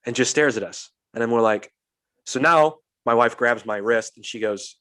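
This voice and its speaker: A young man hosting a casual podcast tells a long story with a lot of life, acting out each voice and cursing freely. His voice sits at an ordinary pitch for a man. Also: moderate pace. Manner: animated storyteller, swears freely, acts out quotes. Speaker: podcast host.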